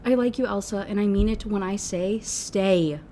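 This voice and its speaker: Brief: woman doing a nervous schoolgirl sidekick, breathless, pitched a bit high. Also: normal speed, mellow, slight background noise, close to an everyday voice. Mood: warning. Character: anxious teen girl, the outcast friend.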